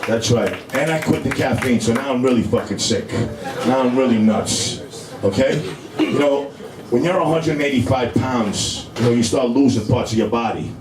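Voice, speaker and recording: With a crowd audible in the background, a middle-aged New Yorker from Brooklyn performs a meandering stand-up routine to a live club audience, leaning heavily on "you know." He speaks at normal speed in a mid-range voice, captured from afar in an echoey room.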